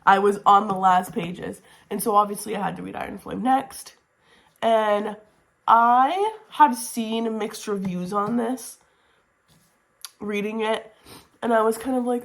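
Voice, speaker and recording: A woman's voice: mid-range voice, unhurried, creaky. Gushing young woman book vlogger. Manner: gushing, excitable, swears casually, repeats herself. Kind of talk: casual reading wrap-up vlog. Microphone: camera mic, talking to camera.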